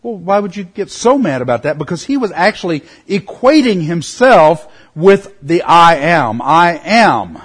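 A middle-aged man teaching a Bible study in an earnest way, slowing down to stress key words. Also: a little high, breathy edge.

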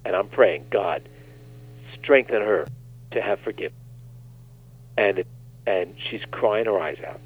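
A man, a guest minister, telling animated stories on a talk show and acting out the quotes. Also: on the low side, measured pace, long pauses, husky. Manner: animated storyteller, acts out quotes. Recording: tinny phone line.

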